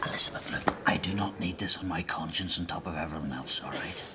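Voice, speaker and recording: A man doing a gruff jailed husband. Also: low voice, fast, in a whisper, lightly acted. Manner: guarded, sardonic, sighing. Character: man in prison, gruff and defensive.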